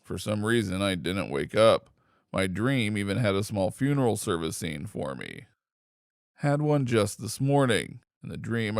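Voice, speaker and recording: A man reading online posts aloud in steady, scripted narration. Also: lowish voice, gravelly, no echo, studio quality. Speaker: story reader.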